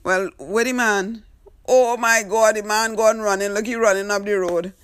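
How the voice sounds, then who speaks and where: A woman's voice: mid-range voice, fairly even intonation, moderate pace, fairly bright tone, clean tone, dry recording, studio quality. A woman with a Trinidadian accent, telling a comic story and teasing its character with exclamations. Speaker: storyteller host.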